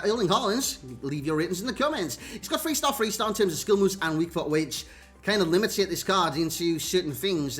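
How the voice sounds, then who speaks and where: A man's voice: sits high, a bit bright. A Geordie man giving chatty commentary over gameplay clips, calling his viewers lads and mate. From North East England. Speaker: gaming YouTuber. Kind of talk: casual video game commentary.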